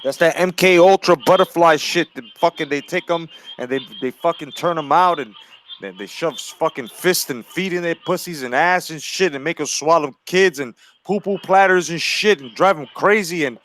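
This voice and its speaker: A man's voice: fairly high pitch, normal speed, fairly bright tone, a little hiss or hum. Heated, foul-mouthed man ranting. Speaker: podcast co-host. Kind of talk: crude ranting chat.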